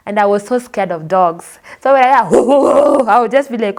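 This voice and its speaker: A woman's voice: a little high, moderate pace. Kenyan woman telling her story. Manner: expressive, acts out the people she quotes. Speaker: interview guest. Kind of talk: personal storytelling.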